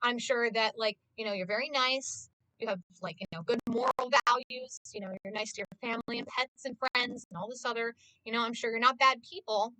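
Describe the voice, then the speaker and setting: A woman with a high, bright voice rants to her stream in casual chat. She swears freely and sounds exasperated. The recording is close and dry, with no room sound. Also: fairly quick, dry recording, low-quality recording. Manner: swears constantly, ranting and exasperated.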